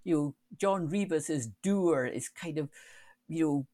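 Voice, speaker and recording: Thoughtful woman, low voice. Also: measured pace, mellow. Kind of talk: casual podcast chat.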